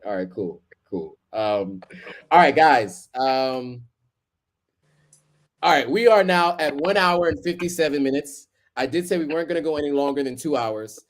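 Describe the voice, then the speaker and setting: A man in his thirties hosting a live stream, chatting casually with lots of ums and easy laughter. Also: medium pitch. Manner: laid-back, chuckling, many ums.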